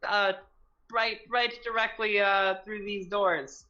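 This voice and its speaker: A woman voicing a young male soldier who is nervous but pretends not to be, talking in halting bits. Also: mid-range voice, fairly even intonation, pushed and bright, highs cut off. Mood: nervous bravado. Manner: hesitant, halting speech with nervous fillers.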